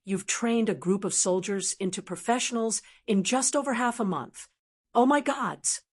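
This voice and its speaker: A woman voicing an excitable male butler in an audiobook, his voice trembling with excitement. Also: medium pitch, moderate pace, lightly acted. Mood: awed.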